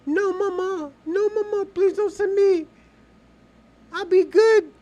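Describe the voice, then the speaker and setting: A man voicing a frightened young child pleading with its mother in a high, whiny voice. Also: fairly even intonation, slow, warm tone.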